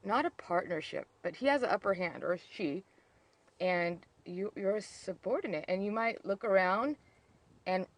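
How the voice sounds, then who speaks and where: A woman's voice: mid-range voice, expressive, moderate pace. Woman vlogger, candid storytelling, emotional, lots of fillers and restarts. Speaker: vlogger on narcissistic abuse.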